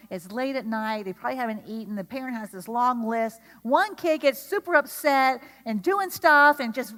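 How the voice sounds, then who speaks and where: A woman giving an animated workshop lecture to teachers, often putting questions to the audience. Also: sits high. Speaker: speaker at an educator training. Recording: long hall reverb.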